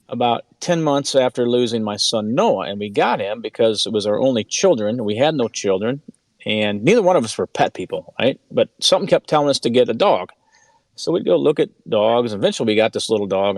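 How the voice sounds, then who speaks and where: A man's voice: mid-range voice, dry recording. A man speaking as an author and interview guest, telling stories earnestly with frequent restarts and repeated words. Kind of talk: conversational interview storytelling.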